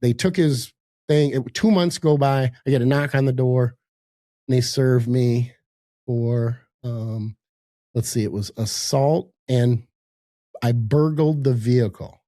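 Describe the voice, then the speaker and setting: A man's voice: medium pitch, slow pace, dark tone, dry recording. An older man talks through a video call from his office, telling a story in easy, profane podcast chat. He acts out the other people's lines and laughs through the tense parts. His voice sits mid-range and sounds dry and close. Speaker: podcast guest. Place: home office in a high-rise.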